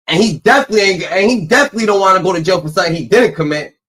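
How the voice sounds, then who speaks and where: A man with a somewhat high-pitched voice reacts to clips in loose, profane slang. He trails off with filler syllables as he riffs. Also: animated, rapid-fire, a bit bright, low-quality recording. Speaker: reaction channel host. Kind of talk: casual reaction commentary.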